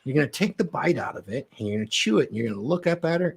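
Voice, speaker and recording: Husky-voiced man coaching on relationships. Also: medium pitch, very fast. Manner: animated, acts out quoted lines. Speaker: dating coach. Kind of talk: podcast chat.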